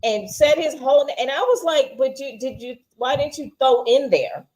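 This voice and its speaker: Woman, co-host, fairly high voice, casual chat, firm, explains her point. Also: expressive, moderate pace, darkish tone, low-quality recording. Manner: firm, explains and pushes back. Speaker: co-host reviewing a TV episode.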